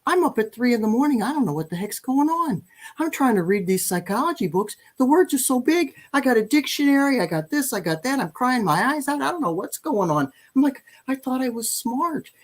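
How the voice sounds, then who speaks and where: A woman in her sixties, a podcast guest who tells lively, self-deprecating stories and often restarts her sentences. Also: on the high side, fairly quick. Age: 60s. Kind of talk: storytelling in conversation.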